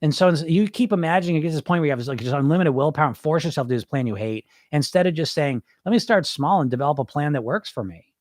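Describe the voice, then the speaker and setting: A man's voice: on the high side, expressive, racing, dry recording, clean studio sound. A man hosting a live podcast, talking bluntly and emphatically to his listeners, repeating points for effect. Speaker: podcast host. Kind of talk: live-stream chat reading comments.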